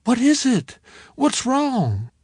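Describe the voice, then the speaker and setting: A man's voice: fairly high pitch, normal speed, gravelly, slightly rough, no echo. A cheerful young woman full of life, as a male narrator puts her on, bubbly and lightly teasing. The voice stays close to the reader's own, a touch lighter. It is recorded up close and dry. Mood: worried.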